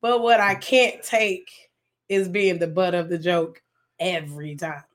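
A woman's voice: lowish voice, steady tone, measured pace. Candid woman telling a story. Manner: candid, storytelling, repeats herself. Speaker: podcast co-host. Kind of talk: casual chat.

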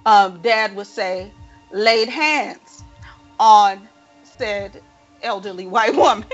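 Animated profane woman storyteller. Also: medium pitch, takes it slowly, highs cut off, soft background music. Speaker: podcast co-host. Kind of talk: casual storytelling chat.

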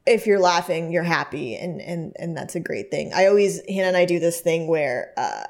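With a fairly low, gravelly, expressive voice, she talks at a moderate pace as a Texas podcast co-host. Her casual chat takes the form of meandering, filler-laden stories.

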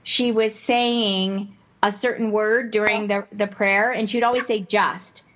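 A woman co-hosting a casual Christian women's talk show, telling stories in an animated way and laughing often. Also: mid-range voice, measured pace. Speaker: podcast co-host. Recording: dull lo-fi audio.

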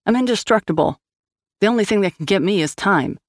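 A woman's voice: mid-range voice, lively intonation, fairly quick, dry recording, voice pushed up. Defiant, hardened woman, read by a woman narrator; clipped, dry, close.

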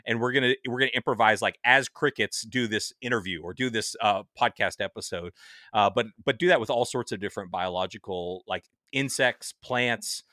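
Enthusiastic man, bright dry voice. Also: on the low side, fairly quick, dry recording. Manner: enthusiastic, rambling with restarts. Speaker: podcast guest. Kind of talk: casual interview chat.

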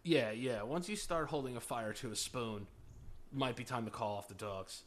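A man's voice: medium pitch, normal speed, slight background noise. A young man co-hosting a podcast, teasing bluntly in crude casual banter. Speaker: podcast co-host.

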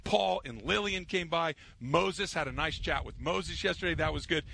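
A man's voice: fairly high pitch, moderate pace, creaky, sharp tone. A middle-aged man hosting a casual sports radio show, chatty and telling stories with easy laughs. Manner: chatty storyteller, laughs easily.

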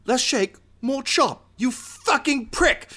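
A man voicing a bossy, foul-mouthed male alien chef who yells in a high, shrill voice. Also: animated, takes it slowly, exaggerated voice. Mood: furious.

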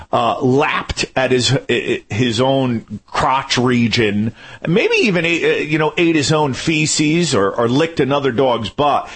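A man delivers a comic radio rant in a jokey, incredulous tone. His pitch swings widely and his voice has a slight rasp. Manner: animated, incredulous, jokey ranting. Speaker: radio show regular segment host. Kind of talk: comic monologue.

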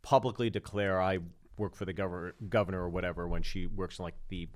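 A man's voice: sits low, fairly quick. A man co-hosting a podcast, telling stories casually and acting out the quoted lines, with plenty of swearing. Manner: animated storyteller, acts out quoted lines, swears freely. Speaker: podcast co-host. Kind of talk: casual storytelling chat.

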